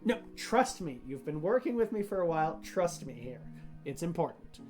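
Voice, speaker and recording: A game master voicing an irritated elderly male mentor who is gruff and short-tempered, over faint guitar music. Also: mid-range voice, big pitch swings, moderate pace, darkish tone, lightly acted.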